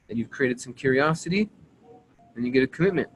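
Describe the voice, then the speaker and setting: A man's voice: medium pitch, animated, a little fast, long pauses, slight background noise, low-quality recording. A man leading a team training call, coaching his listeners and checking in with them as he repeats his points. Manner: acts out sample conversations.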